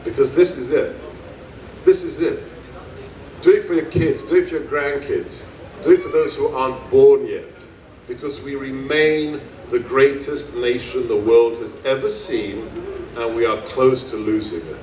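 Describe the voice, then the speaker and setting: His voice is mid-range and darkish, with fairly even intonation and a measured pace, as he gives a rally speech at a gun rights festival. Storytelling is emphatic, with phrases repeated for effect. Captured on an outdoor stage, the sound is echoey through a distant PA.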